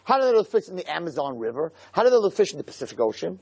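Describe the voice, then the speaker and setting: A man giving a Torah lecture, telling stories and preaching in an animated way with many rhetorical questions. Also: on the high side, rapid-fire, gravelly, hardly any pauses, a little hiss or hum.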